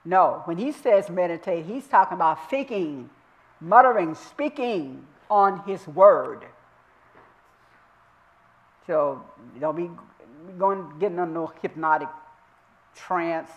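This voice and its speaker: A woman's voice: lowish voice, animated, low-quality recording. Emphatic woman minister teaching scripture. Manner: emphatic, repeats and drawls scripture slowly. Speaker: minister teaching Bible study. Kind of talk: sermon-style Bible teaching. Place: church.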